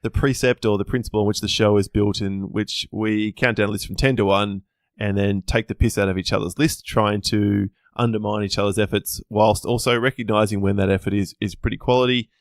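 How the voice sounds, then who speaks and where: An Australian man with a fairly low voice, talking as a podcast guest. He chats casually with a cheeky, self-deprecating humor and laughs easily. The sound is dry and close, with no room behind it. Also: steady tone, a little fast, vocal fry, no room sound. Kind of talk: casual chat.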